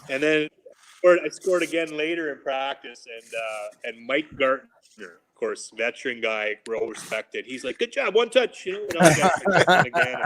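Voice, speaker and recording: A former hockey player in his forties telling animated, casual stories on a podcast and acting out what his coaches said. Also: medium pitch, moderate pace, poor audio. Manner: animated anecdotes, laughing, quoting coaches. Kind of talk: casual storytelling.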